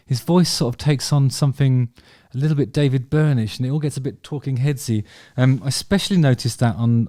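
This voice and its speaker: A vlog host from England chats casually about his favourite songs, rambling enthusiastically with many ums and restarts. His mid-range voice is warm, recorded at studio quality with no room sound.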